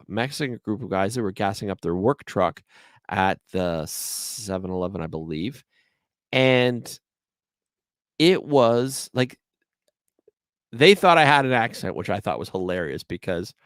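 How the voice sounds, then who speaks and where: A Canadian-accented man with a lowish voice hosts a solo podcast, rambling through his stories in easy conversation. The sound is dry and close, with no room around him. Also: expressive, measured pace, no room sound. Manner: chatty, rambling storyteller. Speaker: podcast host.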